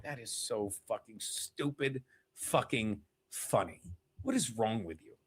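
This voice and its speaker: A man hosting a casual livestream, rambling, laughing and losing his train of thought as he gives shout-outs to the chat. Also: on the low side, expressive, measured pace, husky. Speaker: comedian hosting a livestream show.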